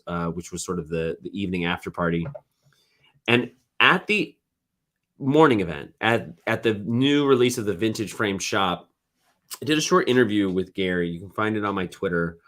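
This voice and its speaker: A man's voice: lowish voice, a bit bright. A man hosting a podcast, talking casually on his own with frequent fillers and restarts. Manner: conversational, many fillers and restarts. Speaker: podcast host. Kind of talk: casual solo commentary.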